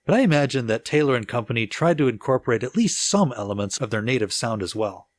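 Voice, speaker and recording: A man co-hosting a casual music-history podcast, relaxed and chatty with easy laughter and plenty of fillers. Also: medium pitch, fast talker, no room sound. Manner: relaxed storyteller, laughs easily, lots of filler "like". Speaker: podcast co-host.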